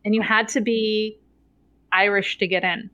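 A middle-aged woman telling a story in casual chat, animated and laughing often, with many "like" and "right?" tags. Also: mid-range voice, a little slow, no echo, dull audio.

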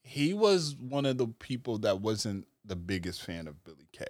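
Low-voiced man in dry, close chat. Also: normal speed, no room sound. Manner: relaxed, explanatory, laughs often. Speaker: podcast co-host. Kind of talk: casual chat.

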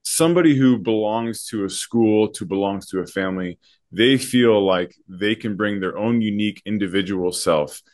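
Deep-voiced man musing on a podcast. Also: moderate pace, a little mellow. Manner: thoughtful, searching for words mid-sentence. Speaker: podcast co-host, school principal. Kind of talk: casual podcast conversation.

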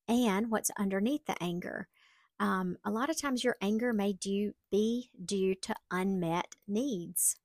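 A woman's voice: medium pitch, lively intonation, a little slow, no room sound. A middle-aged woman, hosting a solo podcast and chatting candidly with self-deprecating humor. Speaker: podcast host. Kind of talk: casual solo podcast talk.

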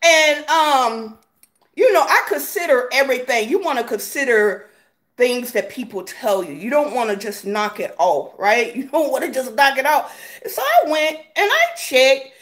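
A woman's voice: sits high, big pitch swings, measured pace, fairly bright tone. A woman vlogger giving sassy, laughing gossip commentary, calling viewers honey and baby.

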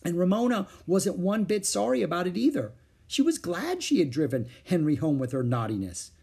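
A man reading a children's chapter book aloud in an expressive, animated way. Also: high voice, moderate pace, creaky, breathy edge. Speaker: storyteller.

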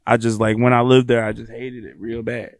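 A man from Florida co-hosting a casual podcast, joking loudly and profanely with plenty of shout-outs. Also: mid-range voice, level tone, fairly quick, dry recording, clean studio sound. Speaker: podcast co-host. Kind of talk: casual chat.

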